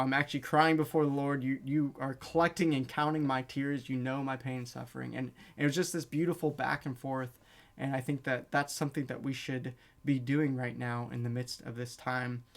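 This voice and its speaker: A man leading a youth group online, giving a gentle, earnest devotional talk and reading scripture aloud, over a video call. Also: medium pitch, gravelly. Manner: gentle, earnest, with frequent fillers.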